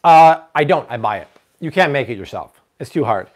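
Speaking a little fast at medium pitch, a male host runs a live kitchen cooking stream. Expect plenty of chatter, energy, and humor.

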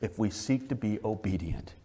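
A pastor preaching a sermon at a church service, swinging between loud, emphatic lines and quiet, low ones, and putting direct questions to the congregation. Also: male voice, lively intonation, normal speed, slight background noise.

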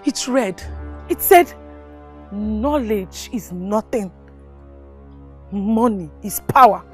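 A woman's voice: mid-range voice, expressive, takes it slowly, faint music behind. An actress playing an agitated young Nigerian woman who insists on her accusation. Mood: insistent. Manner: insistent, repeating herself.

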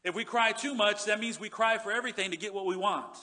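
A male pastor preaching a sermon in earnest, repeating words and dropping low and soft when he reads scripture. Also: fast. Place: church sanctuary.

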